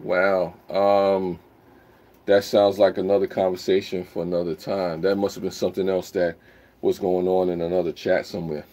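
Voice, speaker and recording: A man with a low voice hosts a casual live stream. He rambles as he reads the chat aloud and breaks into loud whoops.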